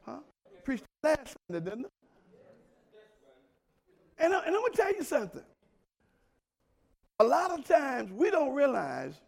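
Man preaching, very animated up and down pitch, shouts then goes quiet, talks right at the crowd. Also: gravelly, slightly rough. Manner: dramatic swings from loud shouts to quiet murmurs; colloquial, talks straight to the congregation. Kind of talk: sermon.

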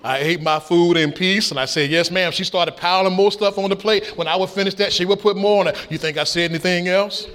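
A middle-aged man preaching a sermon, with shouted peaks and folksy stories. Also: sits high. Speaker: pastor.

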